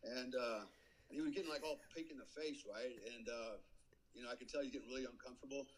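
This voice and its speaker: A middle-aged man with a husky, slightly breathy voice tells a story in a casual way. He swears freely and acts out the people he quotes. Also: medium pitch, quick pace, rough recording. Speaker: podcast guest.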